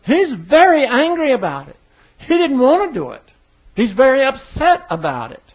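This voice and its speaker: High-voiced animated male preacher. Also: normal speed. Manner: animated, acts out scripture voices with emphasis. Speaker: pastor. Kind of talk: sermon, Bible teaching. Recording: dull lo-fi sound.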